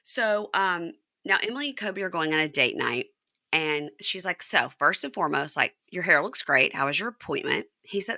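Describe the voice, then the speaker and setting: A woman in her thirties recaps a reality show in easy, chatty podcast talk, jumping into animated voices whenever she quotes someone. Her voice sits a bit low yet sounds very bright and forward, recorded close and dry with no room around it. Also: moderate pace, gravelly, no echo. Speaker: podcast host. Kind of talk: casual recap chat.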